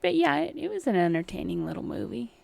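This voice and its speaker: Watching an old film with her viewers, a livestream host talks fast in a slightly high, creaky, darkish voice whose pitch swings widely. She's chatty and wry, tossing replies back to chat.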